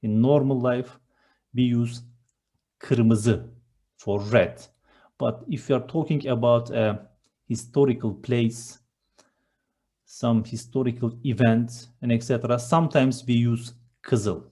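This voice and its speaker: Slow, mellow-voiced male teacher. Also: mid-range voice, fairly even intonation. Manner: patient, spells out pronunciation and repeats each word. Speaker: language teacher. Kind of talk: slow vocabulary lesson with picture slides.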